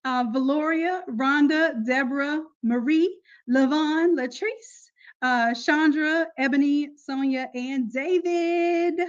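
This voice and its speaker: A woman's voice: sits high, slow, dull audio. A woman running a casual, upbeat live online class, talking to her students in a chatty, slangy way. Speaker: online course instructor.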